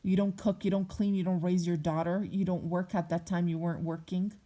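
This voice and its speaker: A woman's voice: fairly low pitch, flat delivery, a little fast, mellow. A young adult woman vlogger speaking bluntly and heatedly in a personal monologue, swearing often.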